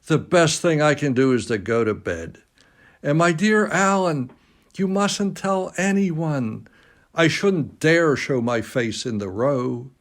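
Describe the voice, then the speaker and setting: Man voicing a sulky young gentleman. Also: fairly high pitch, animated, slow, pitched above the performer's own voice. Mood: glum. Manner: sulky, glum.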